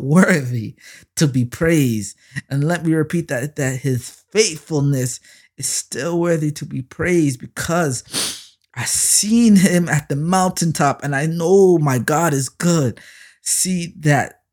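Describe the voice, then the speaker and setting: A man hosting his own faith podcast, talking casually but preaching hard. He uses slang and fillers, and he swells louder and slower on lines of praise. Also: mid-range voice. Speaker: podcast host. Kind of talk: faith-based podcast monologue.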